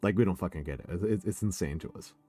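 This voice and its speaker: A man's voice: sits low, quick pace, dark tone, faint music behind. An American man hosting a casual, tipsy stream chat, rambling and swearing, with laughs between his thoughts. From United States. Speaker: streamer host.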